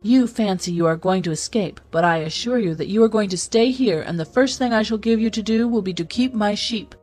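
A woman's voice: medium pitch, fairly quick, a little mellow, pitched above the performer's own voice, natural voice. A woman voicing a spiteful, ugly female fairy who speaks with disdain and command. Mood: coaxing.

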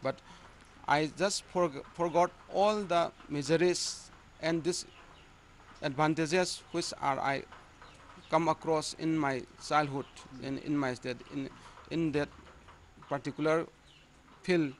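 A man speaking earnestly in an interview, halting and restarting his sentences. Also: a little high, fairly even intonation, a little hiss or hum. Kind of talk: interview answers.

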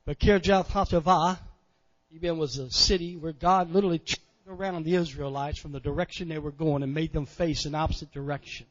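Male pastor, high voice, folksy sermon with constant amens, dull recording in a reverberant church. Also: steady tone, a little fast. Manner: folksy preaching with frequent amens, swelling loud on key phrases. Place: church sanctuary.

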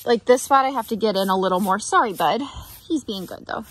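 A horse riding vlogger with a brisk, mid-range voice and a breathy edge grooms her horse outdoors at a barn. In casual vlog narration she chats to the camera, sharing tips and cooing baby talk to the horse in between.

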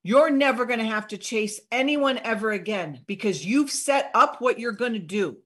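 A woman giving an energetic live training on sales follow-up, acting out short sample conversations in an upbeat voice. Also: a little high, normal speed. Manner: energetic, upbeat coaching with acted-out sample dialogue. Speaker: network marketing trainer.

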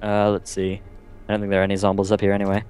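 A man casually commentating a co-op video game with a friend, full of quick excited exclamations. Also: low voice, smooth, soft background music. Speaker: gameplay commentator.

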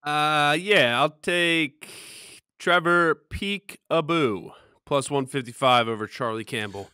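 A man's voice: a little high, takes it slowly, smooth, no room sound, studio quality. A man co-hosting a casual sports podcast, playful and teasing as he talks through his picks. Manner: playful, teasing, lively storytelling. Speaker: podcast co-host. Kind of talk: casual sports betting chat.

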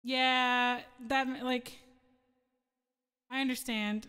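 A woman's voice: high-pitched, steady tone, slow, pauses often, fairly bright tone, clean tone, big-room sound. A woman streamer and singer chatting casually with her live chat, rambling and giggling as she loses her train of thought.

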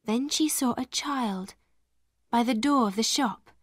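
Woman reading a story really slow and clear, kinda high voice, dry sound. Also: no room sound. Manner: clear and deliberate. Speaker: narrator. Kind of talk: slow storybook narration for English learners.

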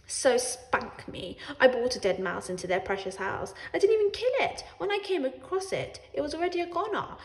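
A woman reading a children's book aloud as a sardonic, wry cat narrator, expressive and laughing along. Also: high-pitched, moderate pace, few pauses. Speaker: storyteller. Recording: roomy echo.

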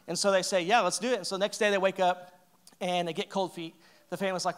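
A male pastor preaching a sermon, telling a story with lively acted-out quotes and joking asides. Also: sits high, quick pace. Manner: animated storytelling, acting out characters' lines.

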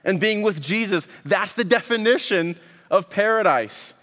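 A man preaching a sermon, earnest and deliberate, often repeating words as he builds a point. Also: high-pitched, expressive, a bit bright, big-room sound. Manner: earnest, with frequent word repeats and pauses. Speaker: pastor.

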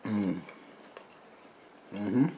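A man hosting a casual cooking video, chatting to his viewers as "guys", quiet and mumbling while he cooks and louder when he turns to the camera. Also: on the low side, drawn-out words. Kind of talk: casual cooking vlog chat.

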